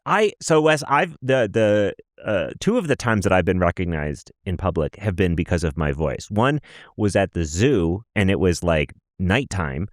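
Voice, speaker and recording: An American man co-hosting a podcast, telling stories in an animated, casual way. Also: deep voice, normal speed, dry recording, studio quality. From United States. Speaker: podcast co-host. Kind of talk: casual chat.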